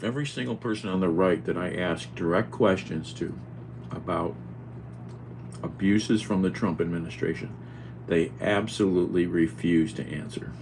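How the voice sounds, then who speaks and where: A man vlogging at home, talking in an animated, exclaiming way to his cat and the camera. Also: low-pitched, moderate pace, noisy background. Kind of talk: casual chat.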